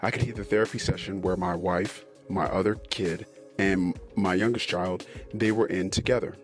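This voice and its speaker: A man hosting a podcast, telling a personal story in an earnest, aggrieved way, with frequent pauses and fillers. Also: low voice, fairly even intonation, soft background music.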